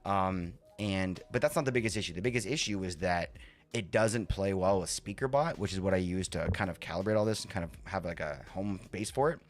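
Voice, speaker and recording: A man's voice: low voice, fairly quick. A man hosting a live stream, chatting casually and rambling between talking to his chat and fiddling with his setup. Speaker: livestream host.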